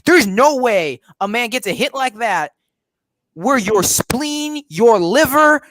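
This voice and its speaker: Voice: mid-range voice, lively intonation, slow pace, fairly bright tone, no room sound. A reviewer chatting casually and animatedly on a live stream, laughing and acting out reactions. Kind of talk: casual chat.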